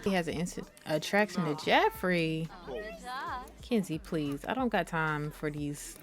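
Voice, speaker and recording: A woman's voice: deep voice, measured pace. A young woman giving casual, chatty let's-play commentary and talking straight to her viewers. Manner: chatty, animated, addresses viewers as y'all. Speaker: gaming YouTuber.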